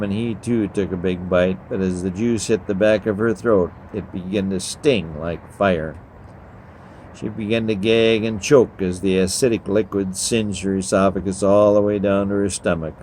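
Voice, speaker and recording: A man with a fairly low voice reads a story aloud, measured and reflective. He narrates steadily as a storyteller. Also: darkish tone, slight background noise, poor audio.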